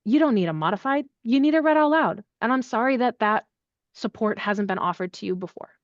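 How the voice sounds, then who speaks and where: A podcast guest who heads accessibility services answers an interview question in a fairly high voice at a brisk pace. She's animated and chatty with lots of fillers, and the dry, dull sound has no room sound.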